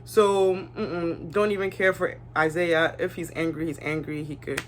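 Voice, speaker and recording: A woman's voice: fairly low pitch, fairly even intonation, a little slow, slight background noise. Young woman, casual and blunt, talks straight to camera with her own opinions. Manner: chatty, candid, acts out cast members' lines. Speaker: reality show reviewer.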